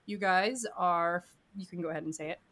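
A woman co-hosts a relaxed podcast chat. Her voice is bright and forward. She talks in a chatty, giggly way and fills gaps with ums and uhs. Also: on the low side, a little fast. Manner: chatty, giggly, lots of fillers. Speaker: podcast co-host.

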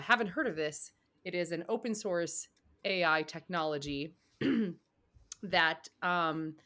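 A woman hosts a podcast in loose, rambling chat. Her voice is bright and forceful, and she sounds a little tired. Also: on the low side. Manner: laughs often, chatty and rambling. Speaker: podcast host. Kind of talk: casual chat.

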